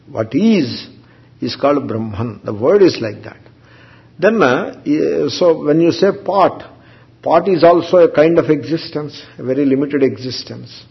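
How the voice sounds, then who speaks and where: Halting man teaching spiritual philosophy. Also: medium pitch. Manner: slow, halting, with many pauses and restarts; chants Sanskrit terms. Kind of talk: Vedanta discourse. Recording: dull lo-fi recording.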